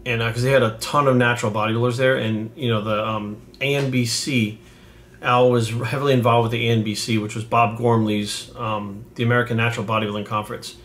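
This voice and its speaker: A man's voice: medium pitch, little pitch movement, a little fast, fairly bright tone, slight background noise. Profane rambling man in his forties. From New England. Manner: profane, rambling, many fillers. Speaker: fitness coach. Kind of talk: casual storytelling to camera.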